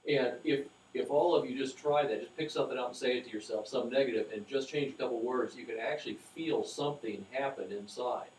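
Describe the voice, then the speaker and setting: Soft-spoken man, distant and echoey. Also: medium pitch, fast, few pauses, slight background noise. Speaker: guest. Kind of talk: casual chat. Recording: echoey room, mic far off.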